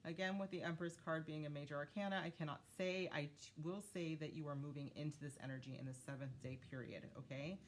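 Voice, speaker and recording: Woman, low voice, casual tarot reader, chatty, lots of fillers. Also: steady tone, fast, hardly any pauses, slight background noise. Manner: chatty, many fillers, talks to spirit guides. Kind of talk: casual tarot reading to viewers.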